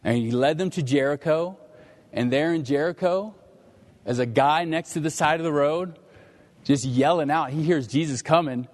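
A man's voice: on the high side, moderate pace, darkish tone. A man preaching a sermon in a conversational way, acting out the disciples and Jesus in quoted dialogue. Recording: long hall reverb.

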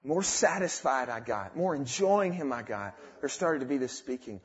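A young man giving a fervent testimony in a sermon, dropping quiet and then rising to exclamations. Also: mid-range voice, expressive, moderate pace, hardly any pauses. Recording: dull lo-fi recording.

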